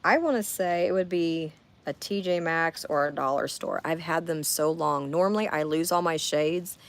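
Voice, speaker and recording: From a camper on a camping trip, a woman in her 40s hosts a casual livestream, reading comments and chatting straight to viewers. She speaks at a normal speed in a low-pitched voice.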